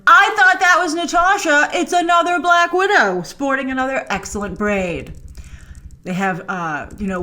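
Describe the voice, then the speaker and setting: Bright animated woman reviewing a trailer. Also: on the high side. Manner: enthusiastic, chatty, gushing with frequent fillers. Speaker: film review host. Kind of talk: casual trailer breakdown commentary.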